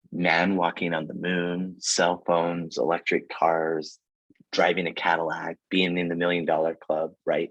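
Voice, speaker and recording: A man with a very low, husky voice tells a motivational story to a team on a video call. He talks with energy but rambles, stacking fillers and restarts, and the sound is close and dry. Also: level tone, brisk, no room sound, low-quality recording. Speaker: guest speaker, sales executive.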